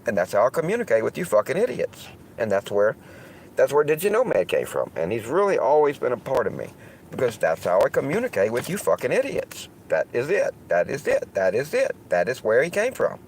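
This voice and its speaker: A man's voice: mid-range voice, wildly swooping pitch, a little fast, darkish tone, breathy edge, low-quality recording. A man with a Southern US accent rambling through a casual livestream monologue, cursing heavily as he talks. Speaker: streamer host.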